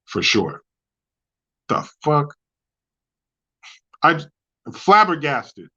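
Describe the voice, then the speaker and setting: A man hosting a livestream, ranting in crude commentary and reading chat, with mocking jabs that swing from loud outbursts to low mutters. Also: big pitch swings, drawn-out words, lo-fi sound. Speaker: livestream host.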